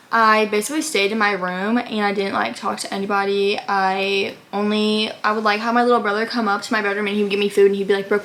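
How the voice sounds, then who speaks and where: A woman's voice: mid-range voice, fairly bright tone, a little hiss or hum. A young adult woman telling a personal story in a casual vlog, rambling with lots of "like" and acting out what people said. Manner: rambling, many "like" fillers, acts out quotes. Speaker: vlogger telling her story.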